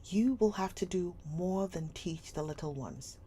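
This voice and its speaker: A woman's voice: fairly low pitch, a little slow, a little hiss or hum, lightly acted. A woman doing a cold, stern schoolmistress. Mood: commanding. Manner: stern, sharp, scolding. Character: cold domineering schoolmistress, middle-aged woman.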